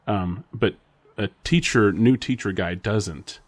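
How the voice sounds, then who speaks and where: A man's voice: fairly low pitch, takes it slowly. A man co-hosting a podcast in casual chat, rambling and speculating with frequent laughter. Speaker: podcast co-host.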